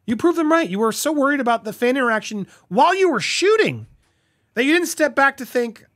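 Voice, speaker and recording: A man's voice: very high-pitched, a little fast, no echo, studio quality. A man giving a casual spoken film review, talking in a loose, rambling way with restarts and asides. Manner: animated, voices other people's reactions. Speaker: movie reviewer.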